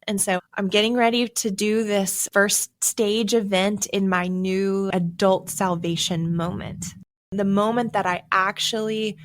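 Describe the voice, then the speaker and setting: Young adult woman, podcast guest, mid-range voice, heartfelt and animated testimony telling. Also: mid-range voice. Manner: emotional, animated storytelling with surging emphasis. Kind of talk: personal testimony storytelling.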